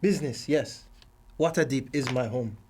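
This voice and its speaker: A man's voice: medium pitch, normal speed, a little mellow, a little hiss or hum. Formal, aloof man in character. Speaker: player. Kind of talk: in-character tabletop role-play.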